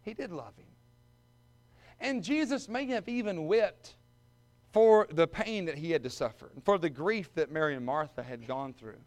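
A male preacher with a high, light voice delivers a sermon. He moves from soft, close storytelling to loud, ringing shouts at the peaks, and calls his listeners friends. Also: animated, moderate pace. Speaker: pastor.

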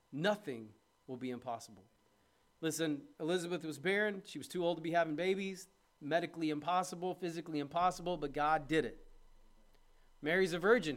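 A man's voice: a little high, a bit bright. Preaching man, conversational and emphatic. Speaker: pastor. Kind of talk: sermon.

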